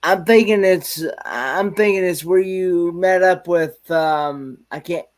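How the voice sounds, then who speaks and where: A man's voice: sits high, slow. A man, a trivia contestant who hesitates and searches for his words. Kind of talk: casual livestream trivia chat.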